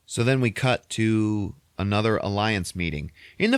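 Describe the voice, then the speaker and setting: A man casually recapping a movie on a podcast, swearing constantly and acting out the characters in quick voices. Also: on the low side, animated, smooth, no room sound, studio quality.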